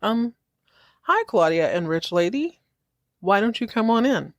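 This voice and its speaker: A woman's voice: mid-range voice, big pitch swings, unhurried, no room sound, clean studio sound. A woman voicing a flustered, fake-polite older woman in a comedic recap role-play.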